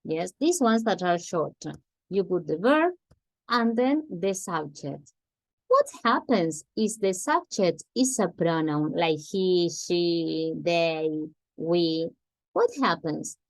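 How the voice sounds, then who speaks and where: Woman, English teacher, unhurried, dry close sound, patient repetition. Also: lowish voice, animated, dry recording. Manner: patient, repeats examples slowly, checks with "Yes?". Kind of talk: grammar lesson.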